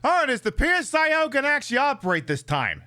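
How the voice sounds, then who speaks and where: Guy streaming a game, high bright voice, sarcastic and swears a lot. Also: quick pace. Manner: sarcastic, profane and animated. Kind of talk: casual live-stream chat.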